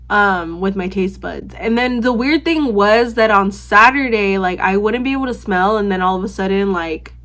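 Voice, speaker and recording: A woman's voice: medium pitch, a bit bright. A young adult woman telling a story to her vlog camera in a casual, rambling way, full of "like" and restarts, swearing offhandedly. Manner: rambling, filler-heavy, lots of "like" and restarts. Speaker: vlogger.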